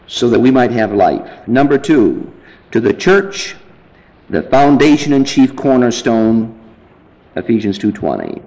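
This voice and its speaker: A man preaches a sermon, listing scripture references as he teaches and building emphatically to fervent, high-pitched passages. He speaks unhurriedly in a darkish tone, and the audio quality is poor.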